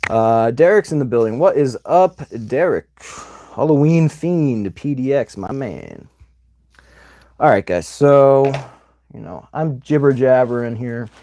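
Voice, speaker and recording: A man's voice: mid-range voice, measured pace, a little hiss or hum. A man hosting a casual livestream, telling a long rambling story and acting out the other people's lines as he goes. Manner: chatty, rambling, animated retelling with quoted voices. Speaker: livestream host.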